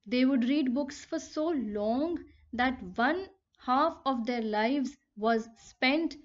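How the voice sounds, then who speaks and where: A woman explains a poem line by line, speaking very slowly and deliberately in a somewhat high voice. She repeats and rephrases each idea the way a patient teacher does. The recording is dull and a little lo-fi. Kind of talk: poetry lesson explanation.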